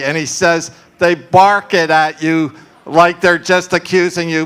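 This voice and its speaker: A man's voice: a little high, flat delivery, measured pace, a bit bright, clean tone. A man talking at a live conference panel, discursive and full of asides and fillers. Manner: discursive, frequent fillers and asides, laughs often. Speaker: panel speaker.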